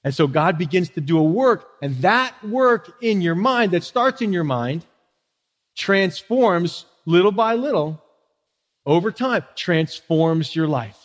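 High-voiced pastor preaching in a reverberant church. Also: male voice, animated, slow. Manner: conversational preaching with rhetorical questions. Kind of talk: sermon. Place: church sanctuary.

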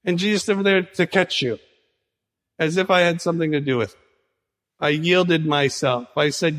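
A male pastor preaching a sermon in an animated way, acting out conversations as he teaches. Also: on the high side, moderate pace, long pauses, in a large hall. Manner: animated preaching, acts out dialogue with Jesus.

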